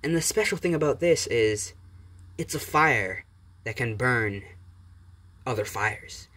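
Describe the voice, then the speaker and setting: A man voicing a cocky young male hero with demonic powers, speaking in a slow, taunting way in a fan-made story reading. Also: mid-range voice, expressive, sharp tone, heavily acted.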